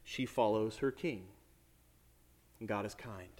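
A man preaching a sermon as a priest, talking to the congregation in a lively, conversational way with many asides. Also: lowish voice, slow pace.

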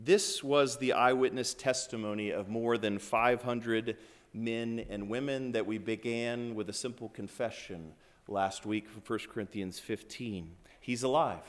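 A man preaching a sermon, retelling the story as if he were there, swinging from loud passion to hushed awe. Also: on the low side, steady tone, unhurried. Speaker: pastor.

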